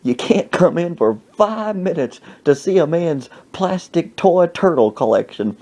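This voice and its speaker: A man voicing a touchy old man who collects toy turtles, talking in a slow, whiny drawl. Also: a little high, animated, a little mellow, voice pushed up. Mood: offended.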